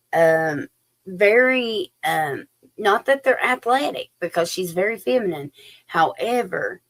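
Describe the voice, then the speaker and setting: Casual woman, psychic reader on a live stream, low-pitched and unhurried, slipping into whispers. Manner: folksy, chatty, drops into whispers. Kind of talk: live-stream tarot reading chat.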